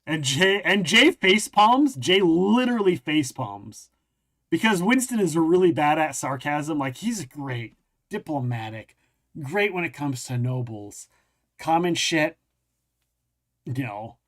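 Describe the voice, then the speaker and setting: A man's voice: a little high, animated, slow pace, fairly bright tone. A man running a tabletop game as game master, narrating with frequent restarts while he searches for words.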